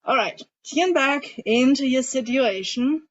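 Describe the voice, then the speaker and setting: A woman coach guiding a group tapping session in a calm way, asking the group questions as she leads them. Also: high voice, a little slow. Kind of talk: guided coaching instruction. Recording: dull lo-fi audio.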